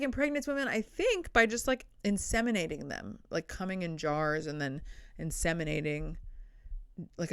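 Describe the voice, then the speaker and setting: A young adult woman hosting her own comedy podcast, talking in a loose, rambling way full of blunt, self-deprecating asides. Her voice is smooth and sits a little low, and it is recorded dry and close. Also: dry recording. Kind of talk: casual solo comedy podcast. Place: indoors, sitting on the floor.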